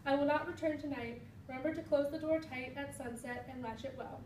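A woman's voice: high voice, steady tone, fairly quick, darkish tone, echoey room, distant mic, a little hiss or hum, natural voice. A woman voicing a caring mother while reading a story aloud to a class. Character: caring mother of a little girl.

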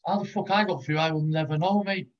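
A man's voice: a little high, steady tone, fast talker, muffled recording. A British man speaking as a guest in a casual interview, blunt and frustrated, swearing often. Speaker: guest, ex-convict.

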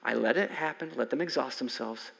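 A man in his forties preaching a conversational sermon as a pastor, swinging from loud emphasis to soft near-whispers. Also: mid-range voice, a little fast, gravelly. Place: church sanctuary. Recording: long hall reverb from a church sanctuary.

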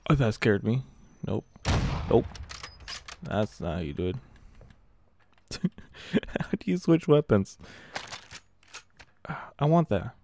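A man commentating as he plays a game, excitable, exclaiming often and laughing a lot. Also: fairly low pitch, slow, vocal fry, long pauses, a little hiss or hum. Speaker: gaming channel host. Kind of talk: live gameplay commentary.

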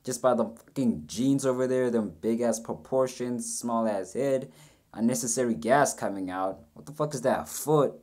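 A man's voice: medium pitch, darkish tone. A young man giving a rambling, self-mocking reaction commentary, swearing freely as he goes. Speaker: reaction video host.

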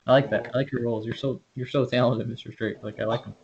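A man's voice: medium pitch, steady tone, fast talker, vocal fry, darkish tone, lo-fi sound, a little hiss or hum. A man hosting a casual interview, asking questions in a hesitant, fan-like way. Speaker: podcast host.

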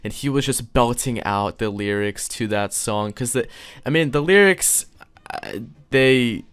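A man's voice: medium pitch, a little slow, fairly bright tone, clean tone, soft background music. A man giving a profane, sarcastic reaction commentary, ranting with lots of swearing. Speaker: commentary host.

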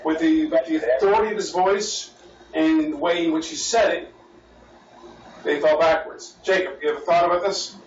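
American pastor teaching a Bible class. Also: male voice, a little high, moderate pace. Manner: repeats words while thinking, asks the class questions. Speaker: pastor leading Bible study. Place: church meeting room. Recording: roomy, distant, dull and lightly noisy.

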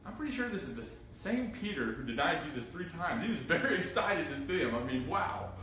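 Briskly and in a fairly high voice, a male pastor preaches an animated, interactive Bible study, reading from scripture and putting questions to the group. He's in a church room, recorded from a distance with echo and faint noise.

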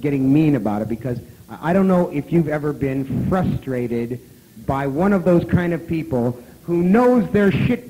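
A man telling a story at a live convention talk, animated and profane, who now and then breaks into loud shouting. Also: fairly high pitch, poor audio. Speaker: guest of honor speaker.

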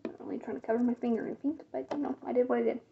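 A woman's voice: a little high, steady tone, racing, vocal fry, narrow, tinny audio, slight background noise. A young woman casually narrating her makeup as she applies it, chatty and self-amused, sometimes dropping to a whisper. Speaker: makeup vlogger. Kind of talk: casual makeup tutorial chat.

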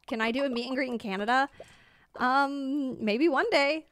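A young American woman chatting excitedly while livestreaming a game, reading out chat and reacting with bubbly exclamations. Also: high voice, moderate pace, no room sound. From United States. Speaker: streamer. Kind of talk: live game commentary.

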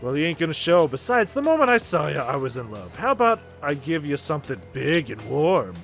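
A man voicing a smooth-talking male gangster, a bit playful and a bit menacing, with a slow, low, cocky drawl. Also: sing-song, fairly bright tone, soft background music.

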